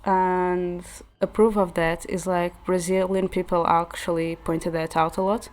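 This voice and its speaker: A woman's voice: on the low side, level tone, unhurried. Chatty Portuguese-accented woman. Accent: central Portuguese. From central Portugal. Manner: chatty, explains with many restarts and fillers. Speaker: streamer. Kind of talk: casual chat while gaming. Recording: soft background music.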